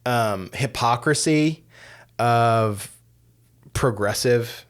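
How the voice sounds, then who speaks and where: A man's voice: medium pitch, very slow, clear, resonant tone. A man co-hosting a podcast, chatting casually about films, hesitant and full of fillers. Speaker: podcast co-host. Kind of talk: casual film discussion.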